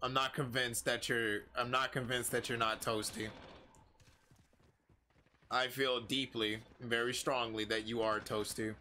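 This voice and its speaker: An excitable male streamer talks through his match in playful, casual chatter. His voice has a bright, forward edge. A faint hiss sits under the recording. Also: mid-range voice, a little slow. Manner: excitable and playful, yelping when startled. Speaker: livestreamer. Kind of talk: casual gameplay commentary.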